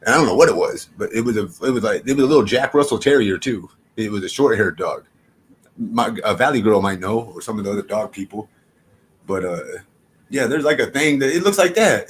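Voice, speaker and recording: A man's voice: on the low side, breathy edge. A man livestreaming, telling a story casually to his chat in a profane, rambling way with frequent restarts.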